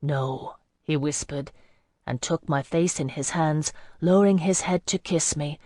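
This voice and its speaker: A woman narrating a fantasy novel in the first person, in a measured, even storytelling manner. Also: sits low, no room sound, studio quality. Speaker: audiobook narrator.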